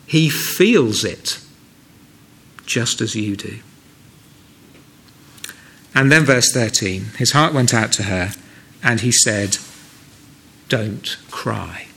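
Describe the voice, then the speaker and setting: Earnest preacher, conversational. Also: male voice, mid-range voice, lively intonation, slow pace, pauses often, bright, forceful tone, slight background noise. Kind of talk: sermon. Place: church.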